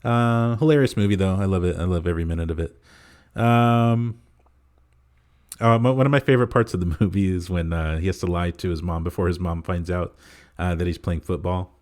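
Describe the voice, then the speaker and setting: Deep-voiced man rambling through a movie recap. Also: brisk, a little mellow. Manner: rambling plot recap full of "uh" fillers. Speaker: podcast co-host. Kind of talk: casual movie review chat.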